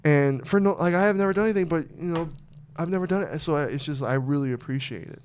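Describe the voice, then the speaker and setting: A man's voice: a little high, fast, darkish tone, slight background noise. A man hosting a podcast, telling rambling stories in loose, profane casual chat. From Arizona. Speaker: podcast host.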